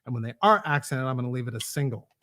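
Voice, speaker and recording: A man's voice: medium pitch, animated, very fast, very noisy. A man giving a casual drum lesson, explaining rudiments and counting off exercises as he plays. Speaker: drum instructor. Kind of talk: live online drum lesson. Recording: loud drumming and clicks behind.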